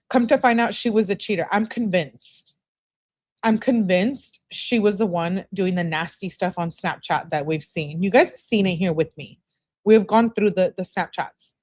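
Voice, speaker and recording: A woman hosting a true crime channel, reading text messages aloud to her viewers and adding casual, chatty commentary. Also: medium pitch.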